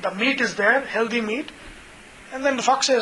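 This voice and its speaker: A man's voice: extremely high pitch, moderate pace, sharp tone, slight background noise, low-quality recording. A man teaching an informal scripture class, chatty, full of "you know" and retold stories. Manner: chatty, many fillers, retells stories.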